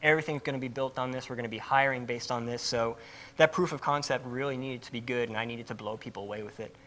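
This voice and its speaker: A man speaks at a conference in an easy, emphatic manner, often pausing with ums and you-knows. His voice sits in a middle register. A faint noise runs under the recording. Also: medium pitch, steady tone, a bit bright. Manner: casual and emphatic, with frequent fillers. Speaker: conference presenter. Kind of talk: conference talk.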